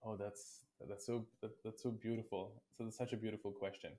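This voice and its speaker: Guy in his 20s from india, low mellow voice, thoughtful easygoing answers. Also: little pitch movement. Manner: reflective, thoughtful, unhurried. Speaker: guest. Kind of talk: casual interview.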